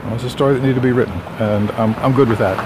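A man's voice: mid-range voice, fairly even intonation, rapid-fire, background noise. A man talking casually while out walking, chatty and rambling, a bit out of breath. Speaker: author vlogging on a walk. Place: outdoors on a sunny suburban street.

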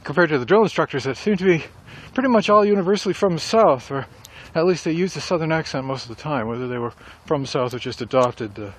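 A man's voice: on the high side, fast talker, few pauses. Rambling middle-aged man musing on writing. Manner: rambling, reflective. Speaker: writer vlogger. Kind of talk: casual talk while walking.

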